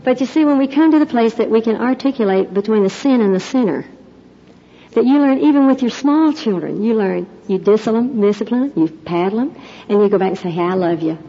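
A middle-aged woman preaching in an earnest, storytelling way. Her voice is mellow and slightly husky. The recording sounds dull and lo-fi. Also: a little high, animated, fairly quick. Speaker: Christian speaker, mother. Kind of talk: sermon-style talk with prayer.

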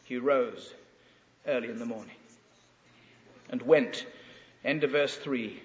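A man's voice: mid-range voice, slow pace. A man preaching a sermon, retelling scripture dramatically and emphatically in an echoing hall. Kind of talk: expository sermon. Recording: echoey hall, dull lo-fi sound.

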